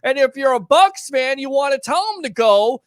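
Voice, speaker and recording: A man's voice: extremely high pitch, expressive, normal speed, no room sound, clean studio sound. A man hosting a call-in sports talk show, teasing callers and firing off rhetorical questions. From Tampa Bay area.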